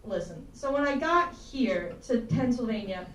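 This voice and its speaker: Speaking a little slowly in a fairly high, bright voice with lively intonation, a young woman from Tennessee performs rambling, self-mocking stand-up with lots of swearing. She's in a small campus comedy room with a live audience, captured by a distant mic with a roomy feel and faint ambience.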